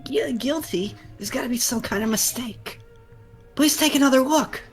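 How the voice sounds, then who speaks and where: A woman's voice: high-pitched, fairly quick, a little mellow, faint music behind, voice pushed up. A woman voicing a flustered young male defense lawyer, pleading and panicky, for a game playthrough.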